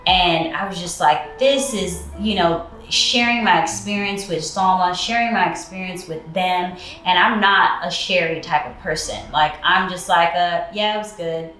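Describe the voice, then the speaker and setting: A woman telling a personal story in casual chat, relaxed and full of fillers. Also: on the low side, moderate pace, few pauses, roomy sound, faint music behind. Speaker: co-host.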